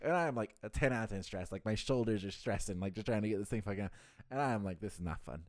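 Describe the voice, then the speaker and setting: Male podcast co-host, quick and animated, acts out every line of dialogue, cusses a lot, dry close mic. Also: fairly low pitch, no echo. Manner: animated, acts out quoted dialogue, swears freely. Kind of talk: casual storytelling chat.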